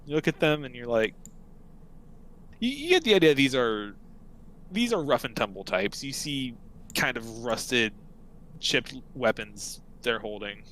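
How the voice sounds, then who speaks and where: A man's voice: medium pitch, very animated, unhurried, long pauses, a bit bright, a little hiss or hum, rough recording. A man narrating as game master in a tabletop game, in a loose, casual way.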